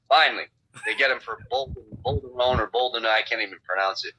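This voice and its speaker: A man's voice: medium pitch, quick pace, sharp tone, breathy edge. A man being interviewed as a guest fighter over a phone call, talking bluntly in a rambling way with lots of swearing. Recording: dull lo-fi phone line.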